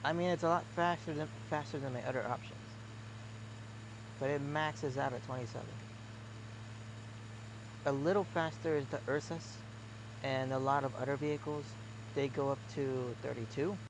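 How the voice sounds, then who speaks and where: A young man streaming a farming game, rambling with deadpan jokes and a sore, scratchy throat. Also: mid-range voice, normal speed, long pauses. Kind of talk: casual gameplay commentary.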